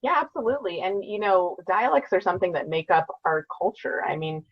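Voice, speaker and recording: A woman speech therapist explaining her work in a casual interview, with a slightly low voice. She is friendly and explanatory and uses lots of fillers. Her audio sounds slightly muffled and lo-fi. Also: expressive, a little fast. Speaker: speech-language pathologist guest.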